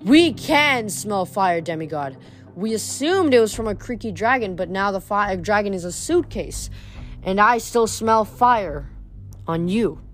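A woman's voice: medium pitch, lively intonation, unhurried, faint music behind, natural voice. A woman voicing a vain, commanding winged young warrior in a read-aloud storybook. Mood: haughty. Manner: pompous, commanding.

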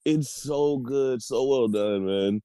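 A man co-hosting a podcast in casual chat, retelling scenes in a rambling, excited way with lots of fillers. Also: mid-range voice, takes it slowly, smooth, dry recording, poor audio. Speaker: podcast co-host.

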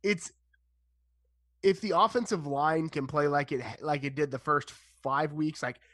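A man's voice: on the high side, measured pace, fairly bright tone, no echo. A man giving frank, analytical football talk as a podcast guest, with many fillers and restarts. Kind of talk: casual sports chat.

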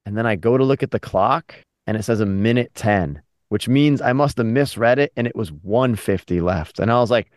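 A man's voice: on the low side, normal speed, hardly any pauses, no echo. A man co-hosting a casual podcast, laid-back with a dry sense of humor. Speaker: podcast co-host. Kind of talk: casual chat.

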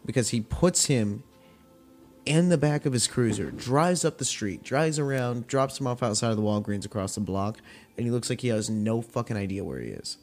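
Profane, animated young man telling stories. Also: mid-range voice, normal speed, soft background music. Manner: profane, animated retelling with acted-out quotes. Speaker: podcast host. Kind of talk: casual storytelling rant.

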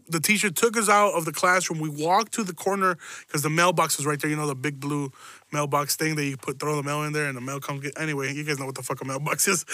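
A man's voice: a little high, bright, forceful tone, no echo. A young man from Chicago telling a personal story in a rambling, self-mocking way, laughing often and swearing freely. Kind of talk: casual profane storytelling.

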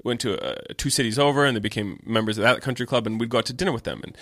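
Talking very fast in a mid-range voice with a fairly bright tone, a shop owner chats casually on the podcast he co-hosts about his clothing store. He's laid-back, curses a lot and laughs frequently, and the recording is dry and studio quality.

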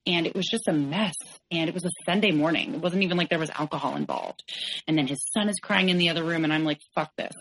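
A woman with a low, deep voice recounts her own past in a podcast interview. She speaks frankly and haltingly, trailing into fillers and restarting her sentences. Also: fairly bright tone, a little hiss or hum, low-quality recording. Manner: frank, halting, with many "like"s and self-corrections. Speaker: podcast guest. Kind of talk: candid personal storytelling.

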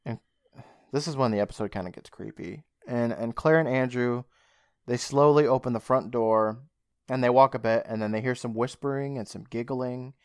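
Speaking at a moderate pace in a mid-range voice, this podcast co-host casually walks through a show's storyline, performing the characters' dialogue with animation. It's studio-quality audio without echo.

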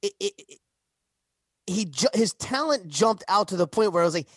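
High-voiced, eager male podcast co-host. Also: expressive, normal speed, a bit bright, dry recording, studio quality. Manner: eager, enthusiastic, stumbles over his words. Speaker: podcast co-host and quiz contestant. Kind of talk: casual podcast chat.

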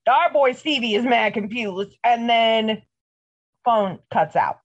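A woman co-hosting a casual recap podcast, retelling a TV episode in an animated, profane way. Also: fairly high pitch, slow pace. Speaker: podcast co-host. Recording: dull lo-fi audio.

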